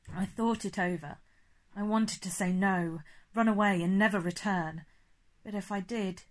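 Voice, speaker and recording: A woman narrating an audiobook in a steady, clear storytelling manner. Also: mid-range voice, a little slow. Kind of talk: scripted narration.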